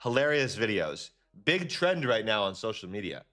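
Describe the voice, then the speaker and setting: A young man hosting a live trading stream, chatting casually and ranting in a slangy, profane, animated way. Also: normal speed, soft background music. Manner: animated, slangy and profane, with lively jumps in pitch. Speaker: livestream trading host. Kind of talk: casual livestream chat and rant.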